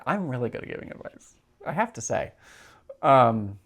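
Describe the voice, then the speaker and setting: A man's voice: lowish voice, lively intonation, normal speed, gravelly, fairly bright tone, husky. A man in his thirties hosting a solo podcast, talking in a chatty, rambling way with many filler words. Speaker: podcast host.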